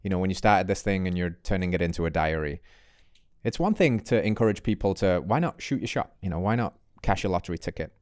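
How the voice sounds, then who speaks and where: A man's voice: deep voice, quick pace, a little mellow, no room sound, studio quality. A man hosting a podcast, enthusiastic and asking long, probing questions. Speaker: podcast host. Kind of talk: casual interview.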